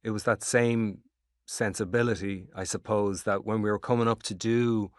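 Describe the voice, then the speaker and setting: A middle-aged Irish actor in a casual interview, telling long rambling stories with lots of swearing. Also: male voice, lowish voice, moderate pace, no echo, clean studio sound. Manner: rambling, animated storytelling with swearing. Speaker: actor guest.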